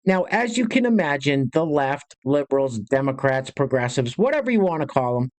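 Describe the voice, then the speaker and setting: A man's voice: medium pitch, very animated, moderate pace. A man hosting a commentary video, introducing clips with sarcastic, sneering asides. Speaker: commentary channel host.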